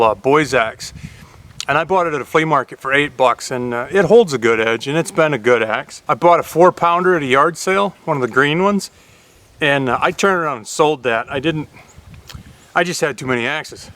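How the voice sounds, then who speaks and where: A man's voice: on the high side, lively intonation, normal speed, a bit bright. A man casually talking through a new axe on his vlog, plain-spoken and chatty with a folksy manner. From Upper Michigan. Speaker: YouTube host reviewing an axe.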